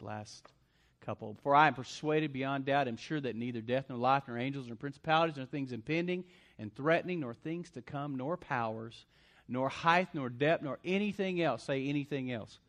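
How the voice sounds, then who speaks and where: A man preaching a sermon as pastor, swinging between loud punchy lines and quiet asides. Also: medium pitch.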